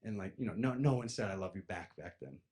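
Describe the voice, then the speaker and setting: Young dude telling a story, super animated, voice bouncing all over, does everyone's voices. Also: male voice, quick pace. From East Coast of the United States. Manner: lively, acts out friends' voices, jumps loud and high then drops to a mutter. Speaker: speaker telling a personal story.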